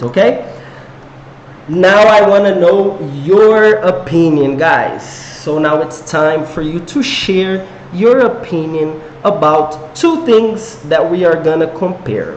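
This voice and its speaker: A young man with a Brazilian Portuguese accent, a Portuguese native speaker, teaching an online English lesson and asking viewers questions. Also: a little high. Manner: engaging, asks viewers questions and reads comments aloud. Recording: echoey room with faint noise.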